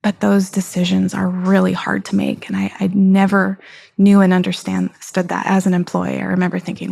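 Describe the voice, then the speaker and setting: A woman in a casual interview, speaking directly and telling stories with lively acted-out quotes. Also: mid-range voice, moderate pace, creaky, husky, dry recording. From Montana. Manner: direct, animated storyteller, acts out quotes. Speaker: business co-owner guest.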